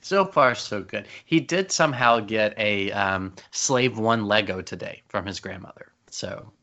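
A man chatting casually, telling an animated story with quick asides. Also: lowish voice. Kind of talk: casual chat. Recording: dull lo-fi sound.

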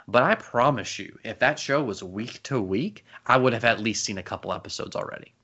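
A man in casual podcast chat, talking fast and eagerly with many restarts. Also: medium pitch, lively intonation, sharp tone, slightly rough. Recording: dull lo-fi sound.

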